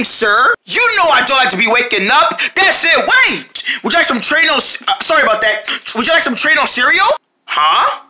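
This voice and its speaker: A man's voice: very high voice, bright, forceful tone, slight background noise. A man doing homemade cartoon voice acting, switching between exaggerated character voices and yelping. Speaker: cartoon voice actor.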